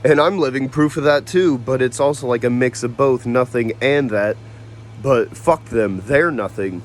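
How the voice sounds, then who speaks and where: A young man from the United States rants on his own, cursing often and breaking into short bitter laughs. His voice sits at a middling pitch and is recorded close and dry, with no room sound around it. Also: dry recording. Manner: profane, bitter, laughs between points. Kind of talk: angry monologue rant.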